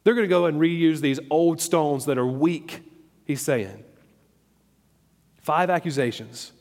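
A man's voice: on the high side, measured pace, a little mellow. Man teaching scripture in a reverberant hall. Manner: conversational, checks in with "okay?" and "all right?". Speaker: preacher. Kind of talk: Bible teaching sermon.

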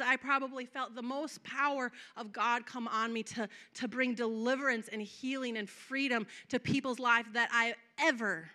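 A woman preaching a fervent sermon in a somewhat high, bright, ringing voice. She slows down and softens to a near hush, then builds to loud, emphatic declarations. Along the way she acts out the prayers and dialogue she quotes. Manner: impassioned, swings from soft and drawn-out to loud and emphatic.

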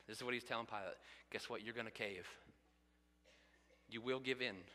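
A male pastor preaches with a bright, forceful voice, speaking straight to the people in front of him. His words ring out with the long reverb of a large church hall. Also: medium pitch, fairly quick. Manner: animated, addressing the congregation directly. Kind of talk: sermon.

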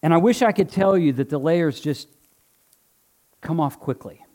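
In church before his congregation, a male pastor delivers an earnest, conversational sermon built around a live object lesson, joking from time to time. His voice is on the high side and dark in tone, lively yet moderately paced.

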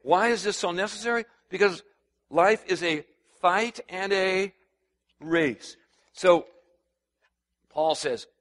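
A man preaching a sermon to his congregation in a conversational way that turns louder and higher as he gets stirred up, asking them to respond. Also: slow, pauses often. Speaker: pastor.

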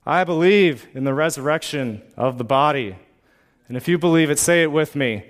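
Preacher man with a higher voice. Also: moderate pace. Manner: builds to fervent exhortation with rhetorical questions. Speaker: pastor. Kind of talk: sermon.

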